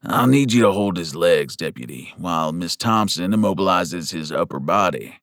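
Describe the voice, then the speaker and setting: A man voicing a calm older frontier doctor with dry humor, matter-of-fact, in an audiobook. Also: low-pitched, moderate pace, dry recording. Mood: steady.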